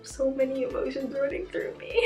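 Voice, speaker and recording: A young woman telling a story to her viewers in casual vlog chat, excited and gushing, saying "like" constantly. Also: high voice, moderate pace, music in the background. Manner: gushing, excitable, fills speech with "like". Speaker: vlogger. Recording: echoey room.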